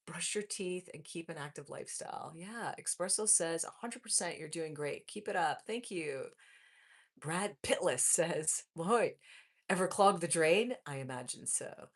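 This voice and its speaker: This low-voiced woman in her forties runs a relaxed live stream, responding warmly and cheerfully to comments from viewers she calls folks. She sounds animated and keeps a moderate pace.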